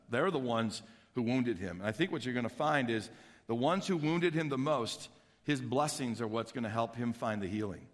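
A man preaching a sermon, telling a Bible story with acted-out voices, swinging between hushed and loud. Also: mid-range voice, long reverb tail. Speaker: pastor.

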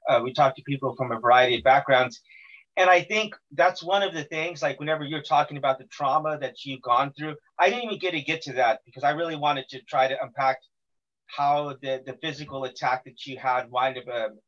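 A man's voice: mid-range voice, fairly bright tone. Rambling man hosting, lo-fi sound. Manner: rambling, many fillers and restarts. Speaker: podcast host. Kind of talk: casual interview chat.

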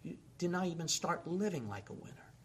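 A man's voice: on the high side, big pitch swings, brisk, fairly bright tone, a little hiss or hum. A man preaching a sermon and leading an altar call, exhorting his listeners with repeated calls. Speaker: pastor.

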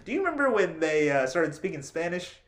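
A man's voice: on the high side, a little fast, a crowd in the background. A man hosting a podcast, telling stories in casual chat, acting out quotes and laughing often. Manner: animated storyteller, laughs often, acts out quotes. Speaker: podcast host.

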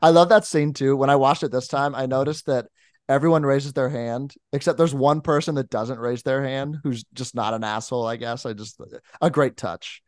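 A man hosting a casual podcast, relaxed and laughing often as he asks questions. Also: medium pitch, normal speed. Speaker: podcast host.

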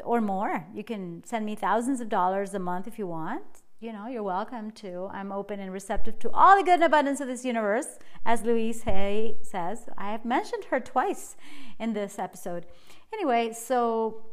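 Bubbly energetic woman podcaster. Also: fairly high pitch, measured pace. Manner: bubbly, energetic, laughs often. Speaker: podcast host and life coach. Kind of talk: casual solo podcast monologue.

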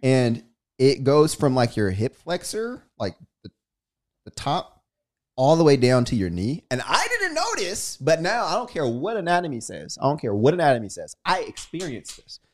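A young man co-hosting a podcast, telling a story in a playful, expressive way. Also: medium pitch, normal speed. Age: young adult. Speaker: podcast co-host. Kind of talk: casual chat.

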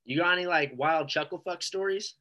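Man, bright tense voice, casual podcast chat, excitable, slangy. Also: a little high, brisk. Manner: excitable, slangy, lots of "dude" and "like".

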